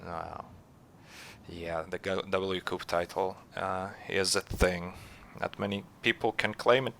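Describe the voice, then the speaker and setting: A man hosting a casual poker chat, animated and teasing, laughing often. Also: low-pitched, slow, gravelly, a little hiss or hum. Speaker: podcast host.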